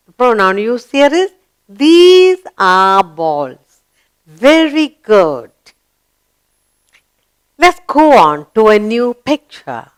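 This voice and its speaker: A woman teaching young children a grammar lesson, asking questions and praising each answer. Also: a little high.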